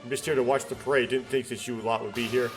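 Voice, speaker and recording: A man's voice: mid-range voice, fairly even intonation, quick pace, over music. A man reading a visual novel aloud, doing every character's lines in his own voice, with stumbles and self-corrections.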